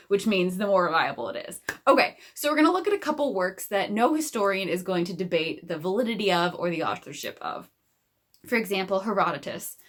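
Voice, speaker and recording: A woman's voice: mid-range voice, fairly bright tone. A young American woman presenting a casual video lesson in a chatty, playful way with plenty of fillers. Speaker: catechist presenter. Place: indoors in front of a bookshelf.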